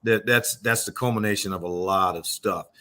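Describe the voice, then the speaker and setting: Low-voiced male interview host. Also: bright, forceful tone, slight background noise. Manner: halting, repeats phrases as he frames questions. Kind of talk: conversational interview.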